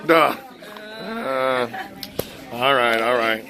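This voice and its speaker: Eager chatty vlogger man, crowd noise. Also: medium pitch. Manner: eager, chatty, quick to laugh. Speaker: vlog host. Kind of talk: casual interview. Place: restaurant. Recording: noisy crowded restaurant.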